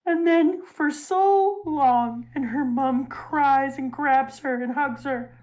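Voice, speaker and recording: A young woman hosts a casual show and retells a story with animated, heartfelt energy. Her voice sits a little high. She slips into the characters' lines as she goes. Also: slow pace, few pauses. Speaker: show host. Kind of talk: casual chat retelling a manga.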